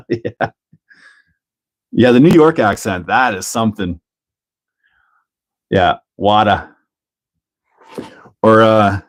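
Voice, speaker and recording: A middle-aged man with a Canadian accent hosting a casual livestream, joking, laughing often and chatting while he builds a kit. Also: lowish voice. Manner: laid-back, jokey, laughs often, reads chat aloud. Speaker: livestream host.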